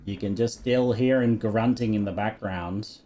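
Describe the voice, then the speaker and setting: A man streaming a video game live, reacting excitedly to the action, yelping and laughing, and chatting directly to his viewers. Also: fairly low pitch, unhurried, a little hiss or hum. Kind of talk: live gameplay commentary. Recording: game music under the voice. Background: game music.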